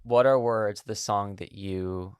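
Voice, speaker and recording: A man's voice: lowish voice, fairly even intonation, slow, clear, resonant tone. A man hosting an interview, asking conversational, leading questions. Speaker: interview host.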